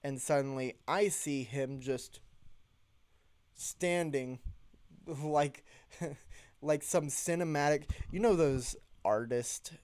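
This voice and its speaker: A young man casually telling a story to the camera, animated, jumping into high voices when he quotes himself. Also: slow, pauses often, clear, resonant tone, no echo.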